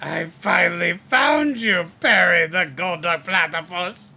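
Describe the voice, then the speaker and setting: A man's voice: high voice, slow pace, creaky, sharp tone, voice pushed down, exaggerated voice. A man putting on a hammy cartoon mad scientist. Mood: scheming. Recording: game music behind.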